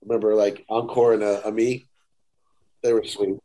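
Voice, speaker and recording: A man telling a story in a casual chat, animated and laughing often, quoting people. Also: fairly low pitch, moderate pace, slight background noise. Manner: animated, laughing, quotes people in put-on voices. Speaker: podcast guest.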